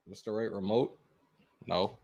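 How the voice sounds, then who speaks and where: A man hosting a live sports podcast, talking loud and excited with plenty of swearing. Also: on the low side, moderate pace, vocal fry, no echo. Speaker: podcast host. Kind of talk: casual live-stream chat.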